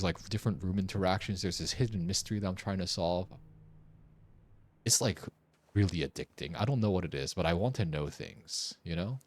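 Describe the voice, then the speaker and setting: Brief: young male streamer, low voice with lively swings, puzzling aloud, faint music behind. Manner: thinking aloud, puzzling over clues. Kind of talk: casual gameplay commentary.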